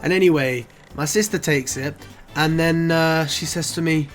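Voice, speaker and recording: A man's voice: on the high side, moderate pace, soft background music. A young man, telling a casual, expletive-laden story for his vlog. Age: 20s. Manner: animated, swears often, says "bro" a lot. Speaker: vlogger.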